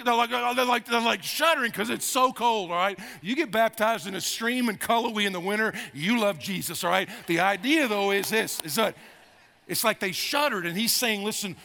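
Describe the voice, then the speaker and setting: A high, gravelly male pastor in his fifties preaching a sermon. He talks with a bright, forceful edge and drives points home by repeating them. His voice rings with the long reverb of a big church sanctuary. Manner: emphatic, repeats phrases, grows animated. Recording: long reverb of a large hall.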